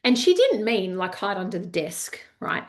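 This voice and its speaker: In a webinar-style leadership masterclass, a woman of medium pitch and normal pace talks her way through anecdotes. Her manner is chatty and full of fillers, and she retells stories with animation.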